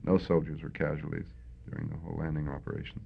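Older canadian guy, super deep gravelly voice, husky, lots of ums, sounds like an old tinny tape. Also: flat delivery, fast talker. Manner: reflective, hesitant with many fillers. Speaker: veteran interviewee. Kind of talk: oral history interview. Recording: tinny phone-like lo-fi recording.

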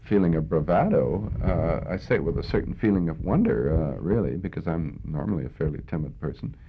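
Very deep gravelly older man. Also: lively intonation, fairly quick, a little hiss or hum. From Canada. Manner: reflective, hesitant with many fillers. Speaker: veteran interviewee. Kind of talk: oral history interview. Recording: tinny phone-like lo-fi recording.

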